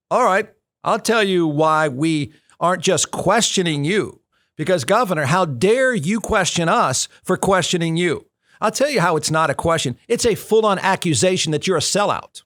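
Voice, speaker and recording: A man's voice: fairly high pitch, fairly bright tone, no echo, studio quality. A male talk show host giving snarky, combative political commentary, hammering his points with repetition. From United States. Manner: snarky, combative, repeats phrases for emphasis.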